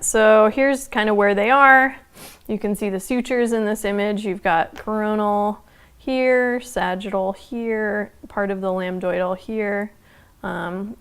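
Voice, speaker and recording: Casual female instructor, live online class, relaxed chatty delivery with lots of "um"s and laughs. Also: medium pitch, vocal fry, clean tone. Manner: chatty, loose, with frequent fillers and laughs. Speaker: anthropology instructor.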